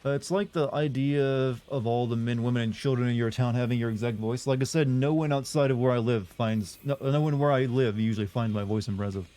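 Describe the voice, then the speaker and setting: A man's voice: mid-range voice, brisk, hardly any pauses, warm tone. Rambling young man with a faint Southern lilt. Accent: subtle Southern US. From American South. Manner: rambling, chatty, self-deprecating. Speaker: streamer. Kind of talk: casual gameplay commentary.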